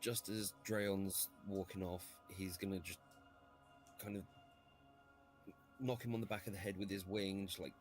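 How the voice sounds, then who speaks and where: Deep-voiced man describing his moves. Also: fairly even intonation, a little slow, long pauses, faint music behind. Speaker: player. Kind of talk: casual tabletop play.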